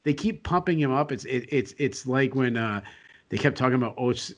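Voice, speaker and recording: A man's voice: mid-range voice, animated, moderate pace. Sleepy man rambling through fight analysis. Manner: rambling, filler-heavy, frequent restarts. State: sleepy late at night. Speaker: co-host and analyst.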